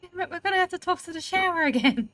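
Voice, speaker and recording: A woman's voice: very high-pitched, animated, quick pace, fairly bright tone. A woman streaming a video game, chatting casually and giggling often.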